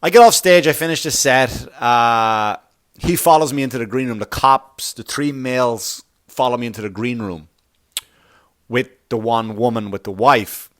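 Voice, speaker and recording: A man's voice: medium pitch, moderate pace. Rambling, profane male comedian telling a story. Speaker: comedian podcast host.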